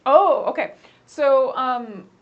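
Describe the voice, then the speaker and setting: A woman's voice: sits high, expressive, slow pace, dull audio. A woman running a tabletop game as game master, talking casually with many fillers and hedges. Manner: chatty, hedging, many fillers.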